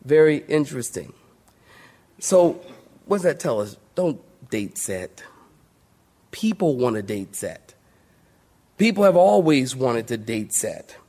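A man's voice: medium pitch, sing-song, slow, long pauses, dark tone. A male pastor preaching a sermon to a congregation, emphatic, calling out to the saints for responses.

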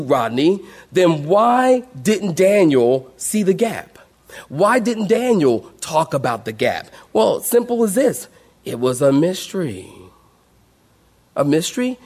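A middle-aged male pastor delivering an emphatic sermon. His voice sits a little high for a man, and it surges into loud declarations and then drops low and quiet as he speaks to the congregation. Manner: emphatic preaching, rising and dropping sharply, addressing the congregation.

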